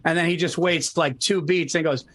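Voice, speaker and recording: A man on a video call retells stories in an animated rush, cursing freely and calling his guest dude. His voice is pitched high for a man. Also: brisk. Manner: animated storytelling, swears a lot, says dude. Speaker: podcast host. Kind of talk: casual chat.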